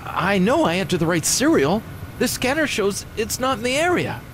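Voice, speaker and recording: A man's voice: high-pitched, big pitch swings, normal speed, a bit bright, a little hiss or hum. An actor playing a nervous young male assistant, anxious and defensive.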